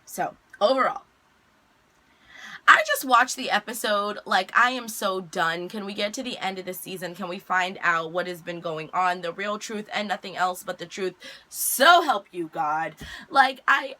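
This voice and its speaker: A young woman chatting casually as she recaps a TV episode, retelling scenes with lively asides and mild exasperation. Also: medium pitch, a little slow.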